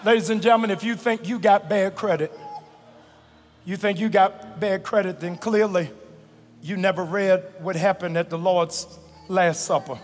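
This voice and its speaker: A man pastor preaching a fervent sermon, stretching and shouting phrases and calling on the congregation to answer. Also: high voice, steady tone, normal speed, soft background music. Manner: colloquial, calls on the congregation to respond. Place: large church sanctuary. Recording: reverberant large hall, live church recording.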